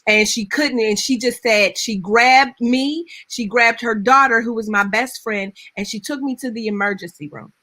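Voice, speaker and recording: Woman panelist from Pittsburgh, bright forceful tone, animated emphatic storyteller. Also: fairly high pitch, moderate pace, hardly any pauses. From Pittsburgh, Pennsylvania, US. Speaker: panelist and preacher. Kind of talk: personal storytelling in a panel discussion.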